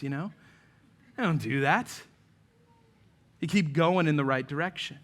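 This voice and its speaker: A man preaching a sermon as pastor, telling stories and acting out quoted lines, often letting phrase ends drop to a near-hush. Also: a little high, normal speed, long pauses. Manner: preaching with story-telling, voicing quoted people.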